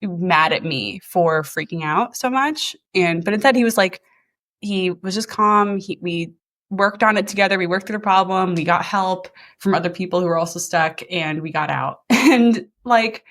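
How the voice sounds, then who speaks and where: A woman's voice: fairly low pitch, normal speed, a bit bright. A woman in her thirties, originally from New Jersey, hosting a podcast in casual, chatty conversation that is full of laughter. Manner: chatty, laughs often, many likes. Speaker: podcast host. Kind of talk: casual chat.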